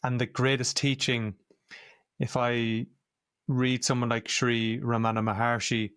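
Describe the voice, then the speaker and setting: A man's voice: mid-range voice, flat delivery, unhurried, a bit bright, clear, resonant tone, dry recording, clean studio sound. A man hosting a podcast, talking in an earnest, reflective conversational way. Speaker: podcast host.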